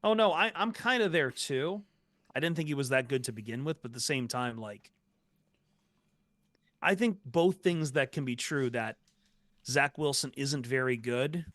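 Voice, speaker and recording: A man's voice: mid-range voice, normal speed, pauses often, fairly bright tone, dry recording. A man co-hosting a sports podcast, chatting casually and giving opinionated takes. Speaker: podcast co-host.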